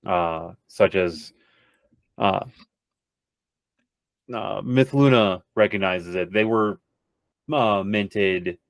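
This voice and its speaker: A man narrating a tabletop game as game master, in a halting way with many fillers. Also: low voice, vocal fry, no echo.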